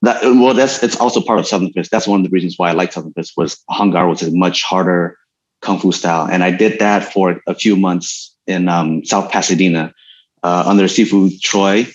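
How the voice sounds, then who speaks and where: A man with a very low, deep voice tells stories at an easy pace, full of "you know" and "like". The sound is a little muffled and lo-fi. He sounds casual and unhurried. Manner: relaxed storytelling with many fillers and frequent laughs. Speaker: guest, stuntman and martial artist. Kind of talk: casual interview conversation.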